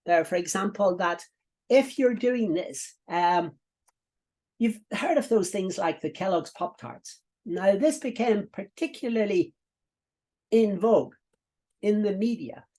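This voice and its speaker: A man's voice: sits high, darkish tone. A middle-aged man walks viewers through a coaching lesson. He talks in a chatty, instructive way, piling up repetitions, fillers and asides. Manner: instructive, repeats himself, many fillers and asides. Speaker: business coach.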